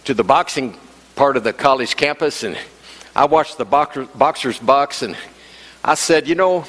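A man's voice: medium pitch, normal speed, a bit bright. A man preaching a sermon as the pastor, telling a story with humor, repeating himself and chuckling as he goes. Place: church sanctuary. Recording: long church hall reverb.

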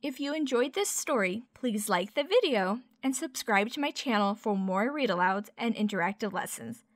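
A woman teacher reading a children's picture book aloud, expressive and gentle, pausing to explain words. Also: on the high side, no room sound, studio quality. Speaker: teacher, storyteller. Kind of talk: children's story read-aloud.

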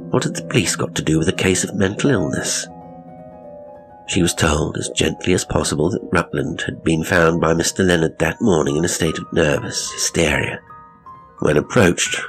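A man with a very deep voice tells a horror story slowly and with dark, measured drama. Faint music runs softly under his reading. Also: gravelly. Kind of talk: scripted horror narration.

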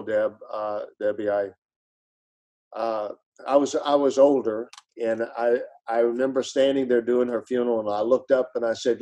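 Middle-aged man, pastor-storyteller, earnest, dark mellow tone, conversational sermon delivery. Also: steady tone, normal speed, poor audio. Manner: earnest storyteller, voice drops low and soft in grief. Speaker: pastor and author, podcast guest. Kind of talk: conversational preaching.

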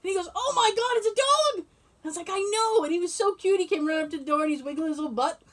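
Speaking in a high voice at a racing pace, this podcast co-host is an animated storyteller who laughs a lot during casual chat. There's slight background noise.

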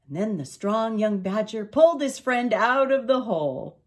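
An older woman reading a children's storybook aloud in an expressive, unhurried way. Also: fairly high pitch. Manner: expressive, slow read-aloud.

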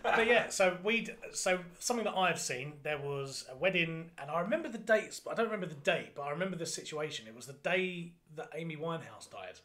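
Animated man telling anecdotes. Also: a little high, brisk, few pauses. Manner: animated anecdotes, swearing, acting out voices. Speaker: function band drummer, podcast guest. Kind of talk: casual storytelling chat.

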